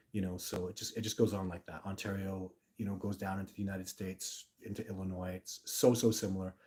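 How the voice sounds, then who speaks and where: A man's voice: low voice, darkish tone. A man from Canada hosting a livestream, chatting through viewer comments in a talkative, blunt and emphatic way. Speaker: livestream host. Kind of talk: live-stream chat answering viewer comments.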